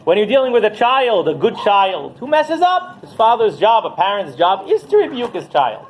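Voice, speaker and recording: Animated rabbi telling stories. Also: male voice, high-pitched, normal speed, slight background noise, low-quality recording. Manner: animated, keeps asking "right?". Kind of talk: Torah class storytelling.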